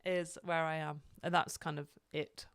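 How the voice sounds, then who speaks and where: A young woman guest on a podcast, talking casually and easily, often pausing with small fillers. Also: sits low, flat delivery, vocal fry, a bit bright, smooth, dry recording, clean studio sound. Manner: easygoing, hesitant with fillers. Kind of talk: casual chat.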